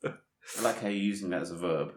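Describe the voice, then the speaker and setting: A man co-hosting a casual quiz chat, playful and teasing, giving hints slowly. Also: low-pitched. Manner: playful, teasing, gives slow deliberate hints. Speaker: quiz co-host. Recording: roomy echoey room.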